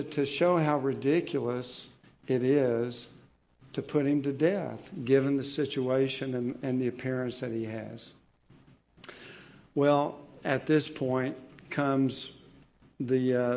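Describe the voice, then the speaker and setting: A man preaching an expository sermon, slow and deliberate, pausing with fillers and restarting his phrases as he explains a Bible passage. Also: medium pitch, darkish tone.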